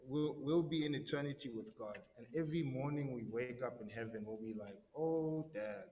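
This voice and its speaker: A young man preaching in a relaxed, conversational way, often restarting his thoughts and checking in with the room. His voice rings out with a long echo in a big hall, with faint noise behind him. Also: medium pitch, fairly quick. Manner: conversational, frequent restarts, keeps checking in with listeners. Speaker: pastor teaching a Bible study. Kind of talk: casual sermon. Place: large hall in front of a live group.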